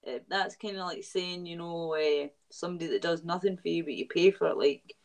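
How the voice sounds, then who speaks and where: A woman with a Glaswegian accent, a guest in a casual chat, blunt and animated and swearing freely. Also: on the low side, fairly quick, low-quality recording. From Scotland.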